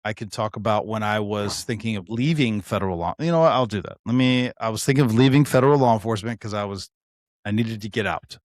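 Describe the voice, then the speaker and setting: In a casual podcast chat, a man in his forties tells animated stories, swearing freely and acting out every voice in the quoted dialogue. His voice sits on the low side and he talks fast, with a dry, close sound and no echo.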